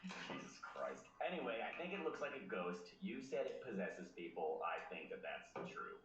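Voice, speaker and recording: Rambling low-voiced man with a lively pitch. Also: moderate pace. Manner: rambling, full of "like". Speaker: podcast co-host. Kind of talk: casual podcast chat. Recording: roomy, distant, dull mic.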